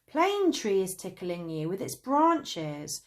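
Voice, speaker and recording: A woman's voice: mid-range voice, big pitch swings, takes it slowly. A woman voicing a mischievous storybook dog who teases with giggles. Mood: amused. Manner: giggly, teasing.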